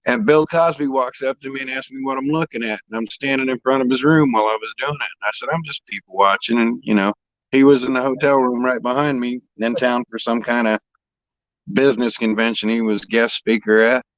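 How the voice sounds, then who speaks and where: A man's voice: medium pitch, steady tone, brisk, no room sound, highs cut off. Man telling rambling stories. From Indianapolis, United States. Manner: rambling anecdotes, swearing freely. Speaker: storyteller in a chat. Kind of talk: casual chat.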